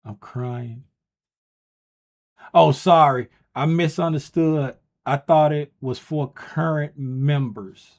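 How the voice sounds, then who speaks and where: A man's voice: on the high side, takes it slowly, hardly any pauses. A man hosting a casual trading livestream, bantering and teasing his viewers in a loose, playful way.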